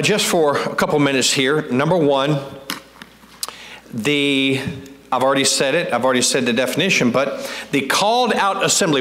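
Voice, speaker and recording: A male pastor giving a teaching-style evening sermon, talking in a conversational, halting way with many restarts and asking the congregation questions. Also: medium pitch, a bit bright. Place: church sanctuary. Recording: echoey church hall.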